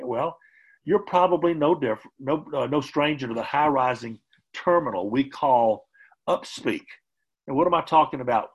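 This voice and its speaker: A man giving a conversational motivational training talk as a sales trainer, often softening his points with casual asides. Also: mid-range voice, husky, low-quality recording. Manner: conversational, hedging with "kind of" and "you know".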